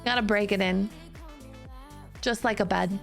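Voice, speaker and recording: A woman's voice: mid-range voice, steady tone, unhurried, gravelly. A woman streamer chatting casually, laughing often while testing her new mic in a room with bare walls. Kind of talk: casual live-stream chat. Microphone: new studio mic, close. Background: faint background music.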